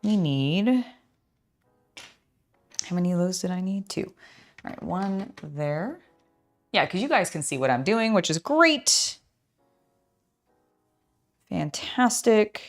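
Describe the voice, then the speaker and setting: A tired young woman chatting casually on a live stream while building, scattered and excitable. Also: fairly low pitch, unhurried, pauses often, faint music behind. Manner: scattered, excitable, self-talking. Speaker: streamer building a LEGO set.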